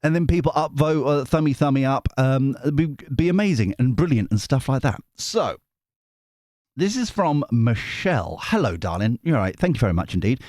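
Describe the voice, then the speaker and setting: A man's voice: medium pitch, lively intonation, normal speed, darkish tone, no echo, clean studio sound. A man hosting a tarot channel, chatting casually to his viewers in a rambling, self-deprecating, jokey way. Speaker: tarot reader and channel host. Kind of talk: casual rambling chat to camera.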